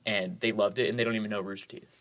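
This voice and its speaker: Man, slightly low voice, excited rambling movie talk, casual podcast chat. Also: racing. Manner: enthusiastic, rambling with many "like"s. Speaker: podcast co-host.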